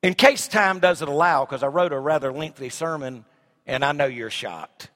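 A man's voice: fairly high pitch, normal speed, fairly bright tone. A man preaching a sermon in a church, reading scripture and asking the congregation emphatic rhetorical questions. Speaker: pastor. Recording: long hall reverb.

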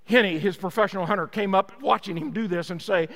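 A man's voice: high-pitched, fast, fairly bright tone, big-room sound. A man preaching a sermon, telling a story with emphatic energy.

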